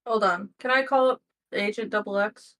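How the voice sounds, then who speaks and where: A woman's voice: medium pitch, moderate pace, a bit bright, rough recording. A woman playing a casual tabletop game, asking questions in an inquisitive way. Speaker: player.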